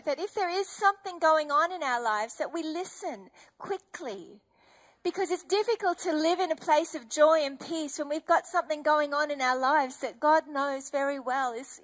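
A woman's voice: sits high, moderate pace, fairly bright tone. A middle-aged woman preaching an emotional, earnest testimony sermon. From Australia.

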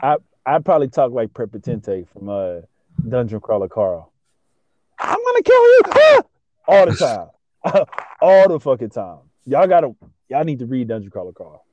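A young man in casual chat, excitable and slangy, swearing and stacking fillers as he talks. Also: mid-range voice, moderate pace, no room sound. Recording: dull lo-fi sound.

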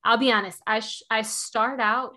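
A woman and mother hosting a casual chat, frank and animated, swearing freely. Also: on the high side, moderate pace.

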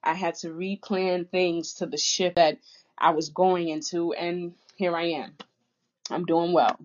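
A woman's voice: fairly low pitch, little pitch movement, measured pace. Woman vlogger, candid and emotional, plain-spoken, muffled lo-fi recording. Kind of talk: personal vlog monologue. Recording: dull lo-fi audio.

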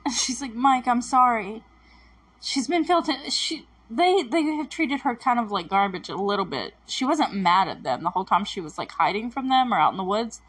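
Breathy husky woman chatting thru a tv recap, lots of likes and restarts. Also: medium pitch, very animated, fairly quick, few pauses, a bit bright. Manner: chatty and emotional, many fillers and self-corrections. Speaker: TV episode recapper. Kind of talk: casual recap commentary.

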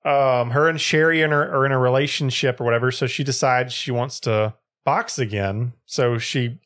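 A man's voice: mid-range voice, moderate pace, fairly bright tone. A young man co-hosting a casual podcast, retelling a story with lots of swearing and acted-out quotes.

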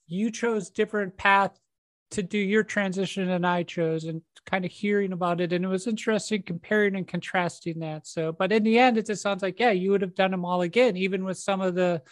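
A woman's voice: mid-range voice, steady tone, fairly quick, no room sound. A woman hosting a podcast, chatting casually and encouragingly with her guest, using lots of fillers. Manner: warm, encouraging, conversational with many fillers. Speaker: podcast host. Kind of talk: casual chat.

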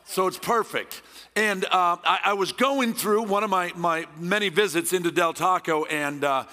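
A middle-aged man from Southern California, a guest pastor preaching a sermon in a loud, intense, passionate way. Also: sits high, normal speed. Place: church hall. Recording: long church hall reverb.

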